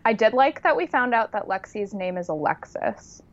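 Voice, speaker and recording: A woman's voice: medium pitch, sing-song, moderate pace. A young woman co-hosting a podcast, chatting casually with wry, dry jokes. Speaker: podcast co-host. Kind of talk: casual chat. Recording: slightly dull lo-fi sound.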